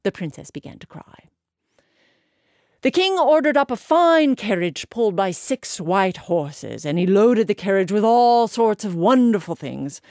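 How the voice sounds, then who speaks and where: Expressive woman teller of folk tales, lively pitch, unhurried delivery. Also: no echo, clean studio sound. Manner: animated, expressive, building drama. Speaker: storyteller. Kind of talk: told folk tale.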